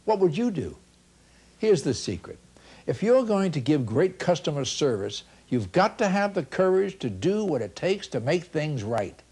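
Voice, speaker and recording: Middle-aged male speaker, lively storyteller, high and expressive. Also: moderate pace. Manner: animated storyteller acting out dialogue, with big swings from loud to hushed. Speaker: motivational speaker on customer service. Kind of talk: storytelling keynote talk.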